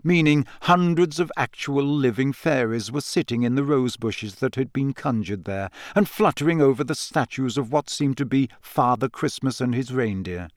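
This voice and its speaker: A man reads a storybook aloud in an even, measured narration. His voice sits in a middle register, neither high nor low. The recording is close and dry, with no room sound. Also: no echo. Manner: steady storybook reading, lifting the pitch for girls' lines. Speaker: audiobook narrator. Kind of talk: scripted narration.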